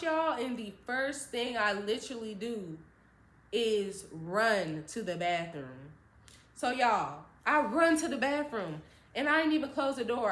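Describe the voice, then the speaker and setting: A young woman vlogger telling a personal story casually, acting out the voices of the people in it. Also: on the high side. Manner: animated, acts out other people's voices. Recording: roomy echo.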